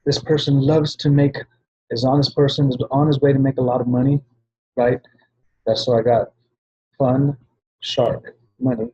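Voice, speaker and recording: A man's voice: medium pitch, normal speed, long pauses, mellow, husky, highs cut off. A man giving a rambling training talk to sales agents, often restarting and checking in with "right?". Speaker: business trainer at a travel party.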